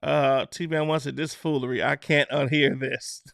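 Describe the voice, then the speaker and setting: A man's voice: medium pitch, steady tone, a little slow, gravelly, a bit bright, no echo, clean studio sound. A man hosting a casual live stream, reading out viewer comments in a loose, chatty way and laughing between them. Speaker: online show host.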